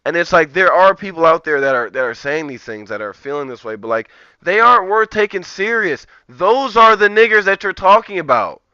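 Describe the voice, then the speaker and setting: A man's voice: high-pitched, lively intonation, brisk, pushed and bright, smooth, dry recording, muffled recording. A man streaming live, ranting profanely and rambling in a heated, casual way. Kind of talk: live-stream commentary rant.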